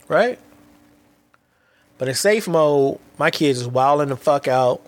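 A man in his thirties hosts a solo podcast, speaking frankly about his own struggles. His voice sits a little higher than most men's. He talks in loose, slangy sentences that often stop and restart. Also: unhurried, pauses often. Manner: candid, reflective, with frequent restarts and casual slang. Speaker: podcast host. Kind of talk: solo motivational podcast monologue.

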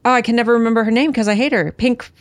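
A woman's voice: on the high side, steady tone, very fast, no echo. A woman co-hosting a casual podcast about a book series, chatting in a rambling way with many restarts. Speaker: podcast co-host. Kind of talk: casual chat.

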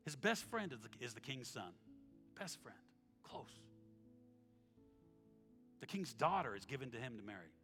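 A male pastor delivers a sermon in a church sanctuary, telling animated stories, acting out quotes, and softening his voice when he reads scripture. His mid-range voice moves at a normal speed with frequent pauses. The hall is reverberant, with soft instrumental music underneath.

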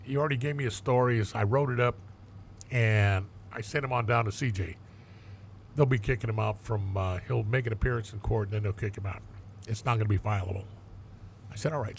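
A gravelly-voiced older man, once a police detective, tells stories from the job in a casual interview. He is blunt and profane and acts out the quoted dialogue. His voice sits at an ordinary male pitch. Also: quick pace, a little hiss or hum. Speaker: former police detective, guest.

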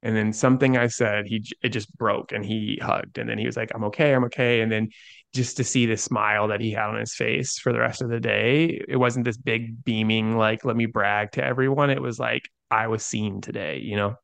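A man's voice: on the low side, steady tone, normal speed, creaky, fairly bright tone, no room sound. A young adult man, an interview guest, telling a story earnestly with lots of "like" fillers. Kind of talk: conversational storytelling.

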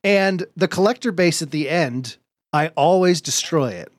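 A man hosting a podcast, telling a story in lively casual chat, laughing often and swearing now and then. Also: a little high, normal speed, no room sound. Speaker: podcast host.

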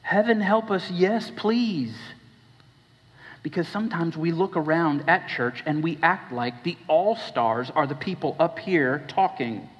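Pastor preaching in an echoing hall. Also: male voice, on the high side, unhurried. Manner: conversational, questioning the congregation, shifting between hushed and raised. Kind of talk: sermon. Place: church hall. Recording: dull recording with long hall reverb.

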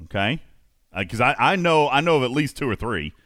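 A man's voice: mid-range voice, expressive, a little fast, fairly bright tone, dry recording, clean studio sound. A man hosting a casual livestream, joking, laughing often and announcing segments in a sing-song way. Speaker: livestream host.

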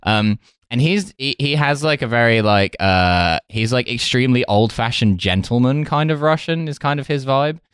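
A man hosts a comedy podcast with a lively, swooping delivery and quick jokes. His voice sits in an ordinary middle register. The sound is dry and close to the mic. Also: medium pitch, smooth, dry recording. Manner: jokey, quick banter with frequent laughs. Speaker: podcast host. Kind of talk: casual comedy chat.

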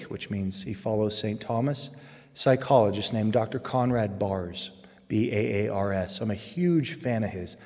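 A man gives a lively, joking faith talk to a crowd, his voice jumping into loud excited bursts. His words ring out with a long reverb in a large hall. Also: medium pitch. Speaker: Catholic speaker. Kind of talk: humorous faith talk to a live audience.

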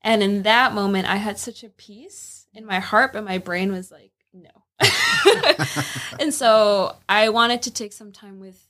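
A woman's voice: mid-range voice, slow pace, bright, forceful tone. A woman casually sharing a faith testimony about her marriage in a reflective way, laughing now and then. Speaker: wife telling their story.

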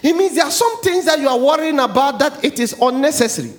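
A middle-aged man, a pastor with a Ghanaian English accent, preaching a sermon, swinging from quiet asides to loud declarations. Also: extremely high pitch, expressive, quick pace.

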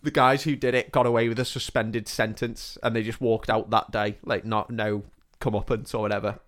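A man's voice: on the low side, level tone, normal speed, a bit bright. A man co-hosting a podcast, casually retelling a film's plot with frequent giggles. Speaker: podcast co-host. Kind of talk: casual chat recapping a film.

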